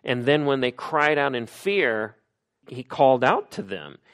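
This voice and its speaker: A man's voice: medium pitch, big pitch swings, a little slow, a bit bright. Man preaching a conversational sermon. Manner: conversational preaching with rhetorical questions. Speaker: pastor.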